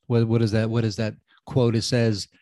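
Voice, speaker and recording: A man's voice: on the low side, flat delivery, normal speed, mellow, no echo, clean studio sound. A middle-aged man hosting a motivational coaching podcast, emphatic and casual, often repeating phrases for effect. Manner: casual, loose grammar.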